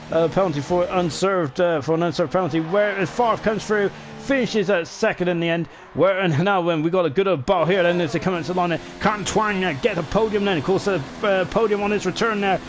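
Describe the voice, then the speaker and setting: A fairly high-voiced man calling a sim race live, eager and chatty, tossing in tag questions and fillers as he goes. The faint game sound of the race sits behind his voice. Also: a little fast, a little hiss or hum. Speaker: sim racing commentator. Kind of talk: live esports race commentary.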